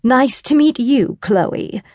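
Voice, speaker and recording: Casting: female narrator doing a charming English young man, courteous, slow, a little distant. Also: sits high, lively intonation, a little mellow, no room sound, pitched above the performer's own voice, full character voice. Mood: polite. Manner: polite, smiling. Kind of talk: audiobook character voice.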